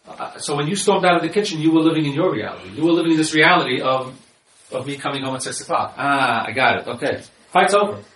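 A man's voice: a little high, lively intonation, fast talker, a bit bright, slight background noise. A man who works as a marriage counselor gives an informal lecture with slides and repeats his key points. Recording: echoey room, voice from far off.

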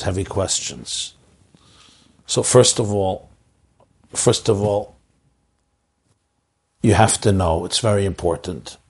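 A man who is a rabbi, giving an inspirational Torah talk to community leaders with an impassioned delivery that leaps up in pitch for emphasis. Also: husky.

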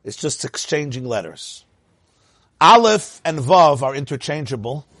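Husky guy teaching torah, voice jumps way up and down, dry close sound, slightly high. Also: a little slow, no echo. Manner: animated, laughs often, swoops up into a high voice. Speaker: rabbi teaching a class.

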